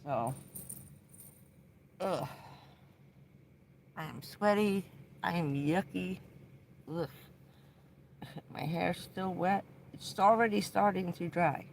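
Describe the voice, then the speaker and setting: A woman live-streaming casual chat from inside her parked van at night, blunt and quick to swear, alternately scolding and soothing her dog. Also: on the low side, creaky, noisy background. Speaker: livestreaming van dweller.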